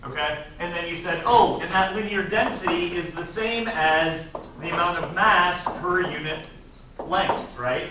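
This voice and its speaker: A man's voice: high-pitched, unhurried, recorded from a distance, a crowd in the background. A male physics teacher lecturing casually through test problems, often checking in with "right?". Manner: conversational, checks in with frequent "right?". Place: classroom. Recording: echoey classroom, recorded from afar, noisy.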